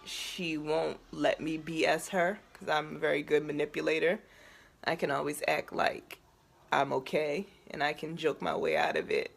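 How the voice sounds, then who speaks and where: A woman from the Baltimore area talking to camera in a personal vlog, halting and emotional, moving between laughter and tears. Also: low-pitched, steady tone, gravelly. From Baltimore area, USA. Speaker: vlogger.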